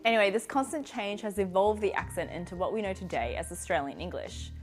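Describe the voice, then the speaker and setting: A woman's voice: mid-range voice, fast talker, soft background music. A woman narrating a scripted explainer video with a lightly wry touch.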